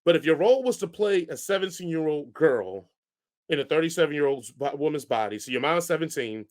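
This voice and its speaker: A man co-hosting a casual podcast, ranting in an animated way with sudden jumps in pitch and volume. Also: fairly quick. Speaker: podcast co-host reviewing movies.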